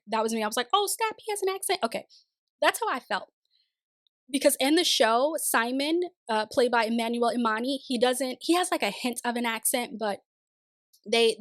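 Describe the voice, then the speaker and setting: A woman with a fairly high voice chats through a TV series review for her channel. She talks straight to her viewers in a casual, expressive way and laughs often. The sound is close and dry, with no room echo. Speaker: TV review vlogger. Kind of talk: casual spoken review to camera.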